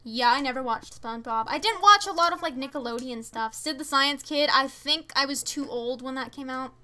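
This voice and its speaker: A teenage girl streaming a video game, chatting casually and reacting to viewer messages with excitable, rambling enthusiasm. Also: high voice, a little fast. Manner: chatty, excitable, reads chat aloud.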